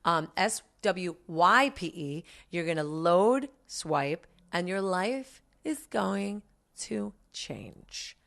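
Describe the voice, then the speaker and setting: A woman's voice: on the low side, animated, drawn-out words, gravelly, a bit bright. A woman co-hosting a podcast, gushing with emphatic enthusiasm in casual chat. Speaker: co-host.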